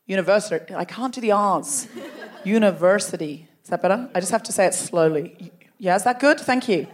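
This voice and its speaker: A woman's voice: medium pitch, lively intonation, fast talker. A woman hosting a comedy podcast on a theatre stage, bantering playfully with the crowd and laughing often. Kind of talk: live stand-up audience banter. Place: large theatre before a live audience.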